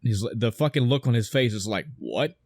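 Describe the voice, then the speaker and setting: Male podcast co-host, mid pitch, animated play-by-play recap, dry close recording. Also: a little fast, no room sound. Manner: excited retelling with swearing and quoted dialogue. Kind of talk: casual film discussion.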